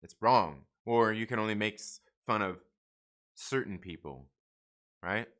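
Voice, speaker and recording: Middle-aged guy ranting on a livestream from home, bright edgy voice, blunt and sweary, keeps restarting. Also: fairly low pitch, unhurried. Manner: blunt, rambling, profane, restarts often. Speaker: comic book channel host. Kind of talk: casual livestream rant.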